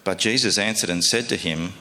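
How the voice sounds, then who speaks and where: Man, sermon, deep voice, forceful tone, conversational preaching. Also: a little fast, big-room sound. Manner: conversational, folksy preaching with rhetorical questions.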